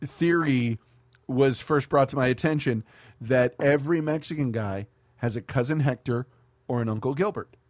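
A man hosting a podcast in casual chat, a profane, lively storyteller who acts out what people said. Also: mid-range voice, normal speed, no echo. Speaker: podcast host.

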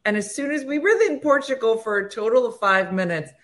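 A woman's voice: on the high side, fairly quick. A woman co-hosting a casual comedy chat who tells stories with animation and teases her co-host. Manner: animated storyteller, playful teasing.

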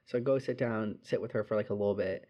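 With a fairly low pitch and rapid delivery, a young man shares an informal story. He curses liberally and brings it to life by voicing the quotes himself.

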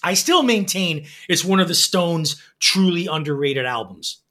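Guy doing a music podcast, bright punchy voice, laughs a lot while reviewing albums. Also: fairly high pitch, expressive, unhurried. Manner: enthusiastic, reads reviews with frequent laughs and ums. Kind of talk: casual music review chat.

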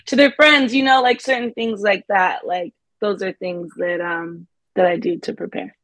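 Young woman, guest actress, chatty and upbeat, quick laughs, dry close recording. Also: mid-range voice, fairly even intonation, a bit bright, no room sound. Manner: upbeat, laughs often, many fillers like "like". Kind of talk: casual interview chat.

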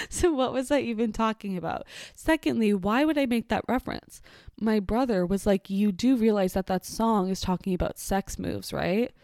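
A woman hosts a casual solo podcast, chatting along in an amused, filler-filled way. Her voice is warm and mellow. The sound is dry and close, with no room around it. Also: mid-range voice, no echo. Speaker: podcast host.

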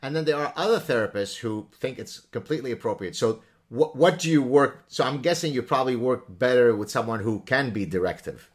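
A man's voice: medium pitch, lively intonation, brisk, hardly any pauses. A man from the Middle East hosting an interview, talking in an academic way with stammered restarts. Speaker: podcast host. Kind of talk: conversational interview.

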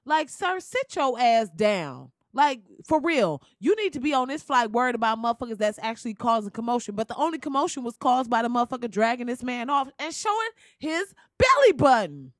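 A young adult woman delivering a loud, profane comedic rant, laughing and swearing as she tells the story. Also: on the high side, expressive, fairly quick, few pauses, no room sound, clean studio sound. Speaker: commentator.

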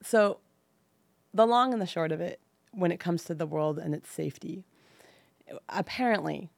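Appearing on a podcast, a Bay Area woman in her thirties opens up about her own story with candor and emotion, easing her pace when the details hurt. She speaks in a fairly low, creaky voice. There's no echo.

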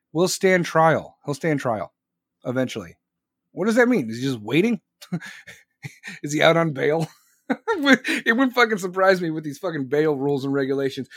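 A man's voice: on the high side, no room sound, studio quality. A young man hosting a livestream, ranting sarcastically and swearing constantly while reading chat. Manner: crude, sarcastic, swears constantly, laughs at own jokes. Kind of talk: profane rant reacting to chat.

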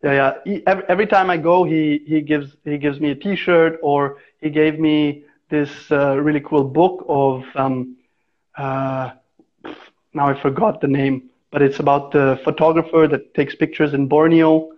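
Animated storyteller man, lo-fi sound. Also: on the high side, moderate pace. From India. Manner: animated storyteller who acts out the voices in his anecdotes. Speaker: arborist, interview guest. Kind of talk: casual interview storytelling. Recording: dull, lo-fi sound.

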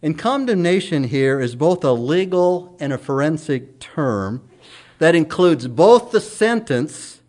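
Middle-aged male preacher, emphatic sermon delivery, slightly high pitch. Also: sing-song, slow pace, darkish tone. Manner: earnest, emphatic preaching with strong rises and falls.

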